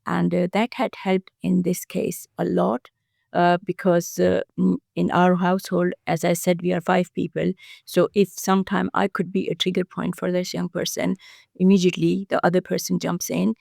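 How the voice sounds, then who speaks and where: Low, gravelly-voiced foster carer woman. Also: level tone, darkish tone, no room sound, clean studio sound. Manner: earnest, halting with frequent fillers and restarts. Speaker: foster carer, podcast guest. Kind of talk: casual podcast conversation.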